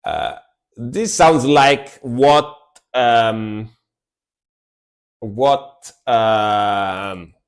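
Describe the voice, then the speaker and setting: Brief: unhurried male streamer giving laid-back metal reactions, mid-pitched. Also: smooth. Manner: laid-back, repeats words for emphasis. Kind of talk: casual live-stream music commentary.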